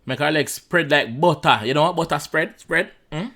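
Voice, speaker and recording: Going through a song line by line, this young Jamaican man speaks casually in a Jamaican accent, repeating himself and mixing in patois as a reaction channel host. His fairly high voice sounds pushed and bright at a normal speed.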